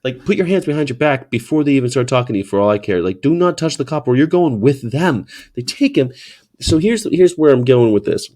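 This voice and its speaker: A man's voice: on the high side, darkish tone. Rambling profane male storyteller. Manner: rambling, profane, frequent restarts. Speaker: comedian. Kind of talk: comedic storytelling monologue.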